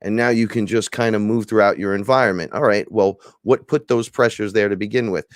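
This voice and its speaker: A man hosting a casual spiritual podcast chat, animated and profane, acting out imagined back-and-forth dialogue. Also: fairly low pitch, brisk, no echo, clean studio sound. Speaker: podcast host.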